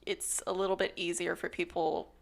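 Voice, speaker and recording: Woman with a gravelly voice on a podcast. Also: on the low side, flat delivery, normal speed. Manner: reflective, frequent "like" fillers. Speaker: film podcast co-host. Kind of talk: casual podcast chat.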